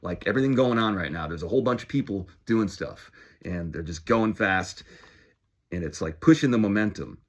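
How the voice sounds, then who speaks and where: A man's voice: on the low side, expressive, a little fast. A man in his forties talking in a rambling, self-deprecating, upbeat casual monologue for his vlog. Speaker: vlogger.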